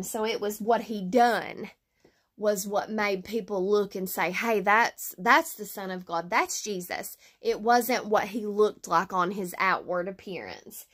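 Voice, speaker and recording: A woman teaching a Bible story lesson, reading slowly and deliberately with fillers and self-corrections. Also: medium pitch.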